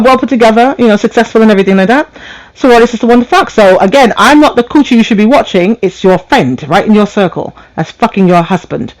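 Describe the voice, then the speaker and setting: A woman's voice: medium pitch, rough recording. A woman hosting a late-night call-in radio show, telling a story with candid, profane humor and frequent laughter.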